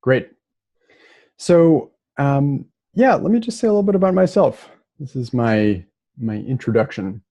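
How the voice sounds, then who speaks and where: A man from Minnesota giving a relaxed, casual lecture remotely, with plenty of fillers and restarts. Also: mid-range voice, a little slow, no room sound, highs cut off.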